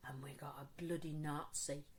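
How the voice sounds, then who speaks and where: A woman, co-hosting a casual podcast chat and telling sweary, animated stories. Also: low voice, moderate pace. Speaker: podcast co-host.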